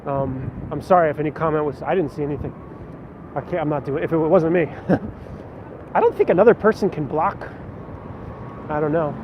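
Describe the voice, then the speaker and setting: A man's voice: on the high side, normal speed, long pauses. Rambling man livestreaming from a city street. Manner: rambling, self-deprecating, reading comments aloud. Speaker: vlogger and stage actor. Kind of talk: casual live-stream chat while walking. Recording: muffled lo-fi phone audio with loud street noise.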